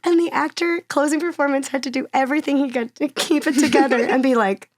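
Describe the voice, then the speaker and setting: An actress and singer-songwriter from Miami, Florida guests on a casual interview, telling stories in an animated, chatty way and laughing often between phrases. She talks fast in a high voice, filling her speech with "like" and "you know," and the recording is dry.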